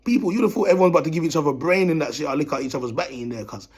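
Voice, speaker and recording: A self-styled prophet vlogger with a London accent rambles through a slang-heavy story, repeating himself, bursting into laughter, and calling his viewers "people". His voice is fairly high, husky, and darkish, delivered rapid-fire.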